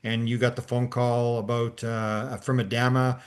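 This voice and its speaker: A man's voice: medium pitch, flat delivery, measured pace. Rambling older man telling a story. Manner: rambling, many restarts and fillers. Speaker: podcast host. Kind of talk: casual storytelling chat.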